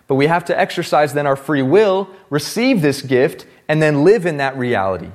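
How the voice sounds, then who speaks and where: A man's voice: fairly high pitch, animated, moderate pace, darkish tone. A male pastor preaching a sermon in a conversational way, voicing the Bible dialogue himself.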